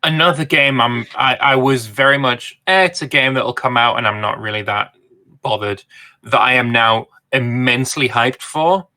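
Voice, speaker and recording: A man co-hosting a casual gaming podcast, talking excitedly and swearing casually. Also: medium pitch, moderate pace. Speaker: podcast co-host.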